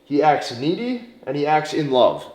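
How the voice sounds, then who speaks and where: A man giving dating advice in a direct, emphatic monologue, sometimes slowing down and stretching words for emphasis. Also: fairly high pitch, very animated, darkish tone. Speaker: dating coach. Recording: roomy echo.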